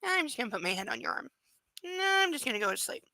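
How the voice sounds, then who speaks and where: A woman's voice: high-pitched, very animated, fast talker, sharp tone, no echo, heavily acted. A woman voicing a sleepy, stubborn little puppy, drowsy and a bit whiny.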